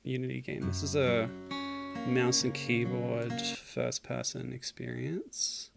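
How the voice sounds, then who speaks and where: Gravelly man chatting over gameplay. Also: medium pitch, flat delivery, takes it slowly, over loud music. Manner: chatty, reads game text aloud, dry self-mocking asides. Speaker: streamer. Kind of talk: casual gameplay commentary.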